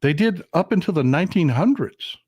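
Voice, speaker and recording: A man hosting a political livestream, talking in a folksy, animated way. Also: on the high side, brisk, husky, no echo, clean studio sound. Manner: folksy, animated, mocks historical figures in quoted voices. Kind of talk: casual political commentary.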